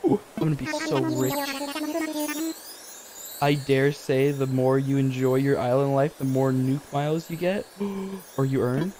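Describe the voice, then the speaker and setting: Excitable young man streaming a game. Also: a little slow, pauses often, a little hiss or hum. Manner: excitable, jumps to high exclamations, reads game text aloud. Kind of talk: live game stream commentary.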